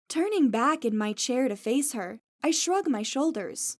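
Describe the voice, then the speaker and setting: Woman, audiobook narrator, first-person, high-pitched, light storytelling. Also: expressive, measured pace, hardly any pauses.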